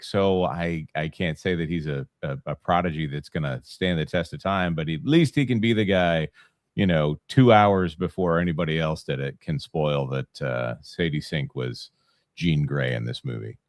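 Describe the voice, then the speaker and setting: A man's voice: normal speed, no room sound, clean studio sound. A man on a casual panel chat who talks in an easygoing way. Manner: easygoing, animated swings in pitch.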